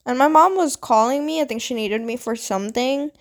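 A young adult woman vlogger telling a personal story in a casual, animated way, swearing often and full of "like" fillers. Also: sits high, a little fast. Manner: animated, dramatic retelling with quoted voices. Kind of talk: storytime monologue.

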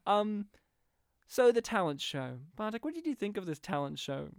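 High-voiced man chatting about a film. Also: normal speed, gravelly, no echo, studio quality. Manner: animated, acts out quoted lines. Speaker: podcast host. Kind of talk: casual film discussion.

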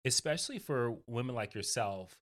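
A man co-hosting a podcast, talking in halting casual chat with many restarts. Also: mid-range voice, expressive, fairly bright tone. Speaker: podcast co-host.

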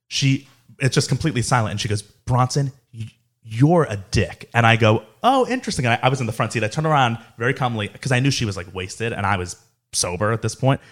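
A young man from South Florida casually telling a profane, animated story. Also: medium pitch. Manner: profane, animated anecdote telling with acted quotes.

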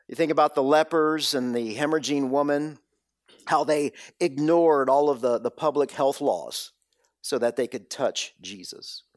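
A man's voice: mid-range voice, no room sound, clean studio sound. A man preaching a sermon, dropping into whispers and rising sharply for emphasis. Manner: dramatic, drops to whispers and rises for emphasis. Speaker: pastor.

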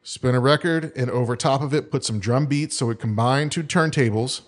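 A man's voice: medium pitch, moderate pace. Man explaining things on a casual podcast. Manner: explains with sung beat sounds. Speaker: podcast host.

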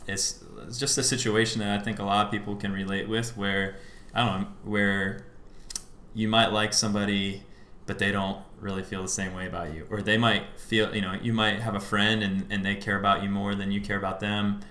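A man, a musician guest on a podcast, telling the story behind his song in a relaxed way, full of fillers. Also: on the low side, a little fast, echoey room, a little hiss or hum. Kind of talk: casual podcast interview.

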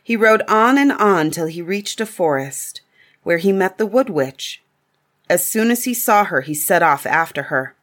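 A woman reading a fairy tale aloud in a calm, measured storybook narration. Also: on the low side.

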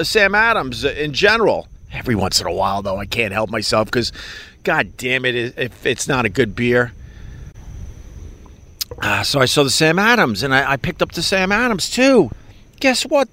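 A man's voice: a little high, expressive, normal speed, bright, forceful tone. A man hosting a podcast, talking in a rambling, profane and self-mocking solo monologue. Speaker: podcast host.

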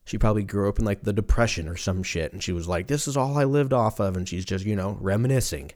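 A man in his thirties tells a loose, profane comic story. His voice sits slightly low and keeps veering off on tangents before circling back. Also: fast, darkish tone. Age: 30s. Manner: profane, rambling, self-interrupting. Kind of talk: casual comedic storytelling.

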